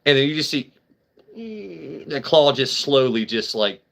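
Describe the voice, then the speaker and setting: A man hosts a laid-back livestream, drinking as he rambles, jokes and swears freely while talking straight to his chat. His medium-pitched voice is creaky and fairly bright, with big pitch swings and a slightly slow pace.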